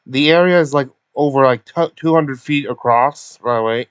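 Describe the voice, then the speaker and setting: A man's voice: mid-range voice, moderate pace, clean tone, no room sound. A man casually recapping a tabletop game session, stumbling over words with many fillers and restarts. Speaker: recap narrator.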